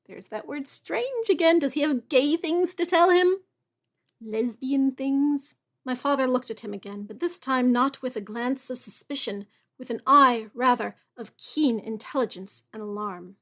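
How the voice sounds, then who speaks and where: A young woman with a high voice reads a Gothic tale aloud, then drops into chatty, musing asides. Her commentary is wry and casual, lively next to the steady reading. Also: moderate pace. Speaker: reader and host.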